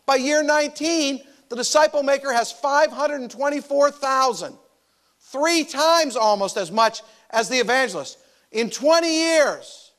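A man preaching a sermon, animated and emphatic, swinging between loud stressed lines and soft quiet drops. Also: very high voice, a little slow. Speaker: pastor.

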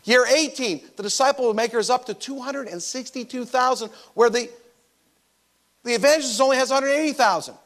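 Male pastor, very high voice, animated preaching, loud emphasis then soft drops. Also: brisk. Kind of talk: sermon.

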